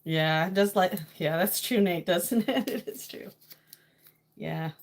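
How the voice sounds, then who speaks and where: This livestream host, a middle-aged woman from New England, talks with her viewers in a fairly low voice at a slow pace. The chat is casual, and she's playful, laughing frequently.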